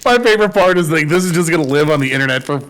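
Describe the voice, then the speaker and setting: A man's voice: a little high, expressive, very fast, fairly bright tone, a little hiss or hum. Easygoing male podcast co-host. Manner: easygoing, laughs along. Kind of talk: casual chat.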